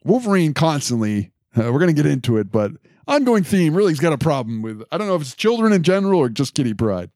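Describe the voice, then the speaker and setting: A man's voice: fairly high pitch, big pitch swings, fast, hardly any pauses, darkish tone, no room sound, studio quality. A man co-hosting a casual chat, steadily recapping events with occasional fillers. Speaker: podcast co-host.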